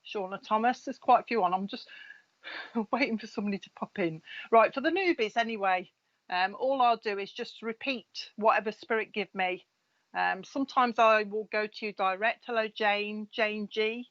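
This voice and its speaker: A woman's voice: medium pitch, normal speed, a bit bright. Woman, middle-aged, spiritual medium, casual livestream chat, friendly and chatty, slightly muffled webcam audio. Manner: chatty, friendly, laughs between names. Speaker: spiritual medium hosting live readings. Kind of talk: casual live-stream chat greeting viewers. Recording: slightly dull lo-fi live-stream audio.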